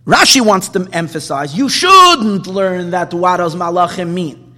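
Male Torah teacher, high and very lively voice, long hall echo. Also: measured pace. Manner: animated, questioning, restarts often. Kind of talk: Torah class lecture.

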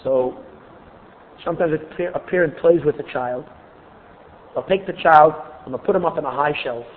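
A man teaching a Torah class in an earnest, expressive way, often repeating words as he restarts. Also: fairly high pitch, normal speed, slight background noise. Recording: tinny phone-like recording.

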